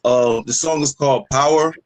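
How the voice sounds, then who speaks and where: A man co-hosting a music podcast in casual, profane, animated chat over a remote call. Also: mid-range voice, moderate pace, rough recording. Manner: animated, profane, laughs a lot. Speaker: podcast co-host.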